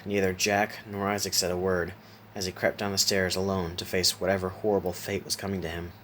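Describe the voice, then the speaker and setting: A man reads a horror story aloud in a low, steady voice, sometimes stopping to correct himself. A faint hiss sits behind the voice. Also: fairly quick. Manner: steady reading with small self-corrections. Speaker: narrator.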